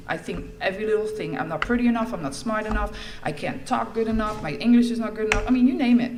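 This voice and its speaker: A middle-aged woman speaks at a recovery meeting, telling her own story in a candid, wry way. Her voice sits at an everyday middle pitch. A faint hiss of noise runs under the recording. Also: fast talker, hardly any pauses. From Netherlands. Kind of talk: personal recovery testimony.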